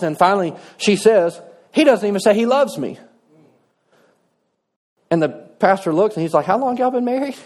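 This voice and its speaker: A man's voice: sits high, darkish tone. A middle-aged man, preaching a sermon in a folksy, conversational way with touches of humor. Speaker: pastor.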